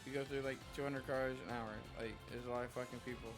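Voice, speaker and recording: A man's voice: medium pitch, level tone, fast talker, music in the background. A male live streamer telling a rambling, profane story in casual chat, full of "like" fillers.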